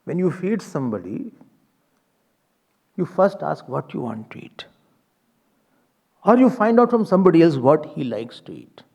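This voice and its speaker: A man telling a devotional story as a spiritual teacher, animated and acting out his characters' lines. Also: a little high, moderate pace, vocal fry, long pauses.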